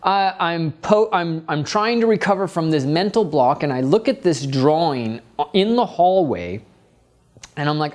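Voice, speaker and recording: A man's voice: fairly high pitch, unhurried. A middle-aged man who teaches art, telling a personal story and acting out his own inner voice. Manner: animated, acts out his inner voice.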